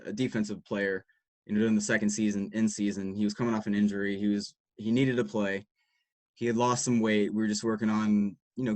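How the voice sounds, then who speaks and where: A man's voice: lowish voice, no room sound. A man, a sports dietitian, giving a candid, reflective talk to practitioners, telling work stories casually and swearing now and then.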